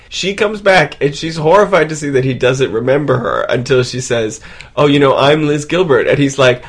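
A man's voice: a little high, a little fast, breathy edge. A young adult man hosting a podcast, chatting casually about a film, laughing often and slipping into impressions. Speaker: podcast host. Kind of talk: casual film-review banter.

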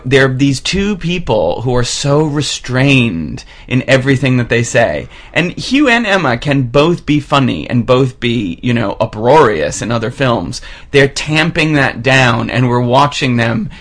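A man's voice: mid-range voice, animated, a little slow, few pauses, a bit bright. A man hosting a film review chat, retelling scenes in a playful, teasing way. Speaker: podcast host.

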